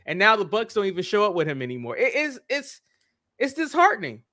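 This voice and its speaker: Um homem, co-apresentador de podcast, em conversa descontraída, reclamando com exasperação e hesitando. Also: male voice, sits high, huge pitch swings, a little fast, bright, forceful tone. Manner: exasperated ranting, restarts. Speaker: podcast co-host. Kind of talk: casual chat.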